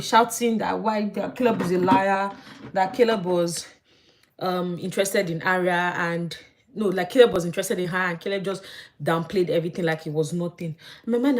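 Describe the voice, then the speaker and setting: A young woman chatting as she does her makeup, gossiping in an animated way. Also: medium pitch. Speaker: vlogger. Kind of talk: casual chat while doing makeup.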